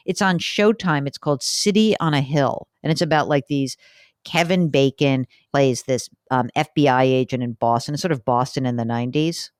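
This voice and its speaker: A woman's voice: low voice, no room sound, clean studio sound. A middle-aged woman hosting a money podcast, chatting casually and with animation. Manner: chatty, animated, laughs easily. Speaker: podcast host. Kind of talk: casual chat.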